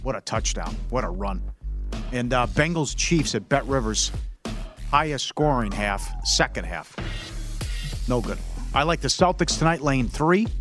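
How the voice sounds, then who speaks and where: Lively, animated sports betting co-host man. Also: medium pitch, unhurried, pauses often, faint music behind. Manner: animated, jokey, loud bursts when mocking. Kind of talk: casual sports betting chat.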